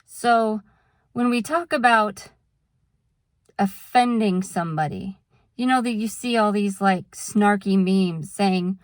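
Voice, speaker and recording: A woman's voice: medium pitch, slow pace, no room sound, clean studio sound. A woman vlogger talking casually to camera, explaining things patiently with examples and drifting into a frank rant. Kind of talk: casual talking-head monologue.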